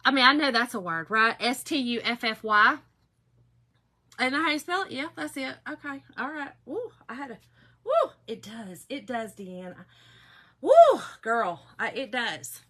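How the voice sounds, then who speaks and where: A woman's voice: a little high, lively intonation, a little slow, pushed and bright. A middle-aged woman with a Southern US accent hosting a casual craft livestream, chatty and bubbly, greeting viewers by name. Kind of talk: casual live chat while crafting.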